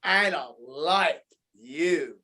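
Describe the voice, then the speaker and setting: A man's voice: a little high, expressive, extremely slow, pushed and bright, slightly rough, full character voice. A man voicing a rude, selfish little girl in a spoken story. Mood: singsong.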